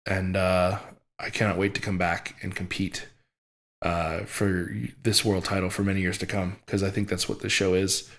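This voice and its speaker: A young adult man, a strongman athlete, recapping a competition in an emotional vlog, speaking haltingly with many fillers and restarts, choked up and near tears. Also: sits low, flat delivery, fairly bright tone.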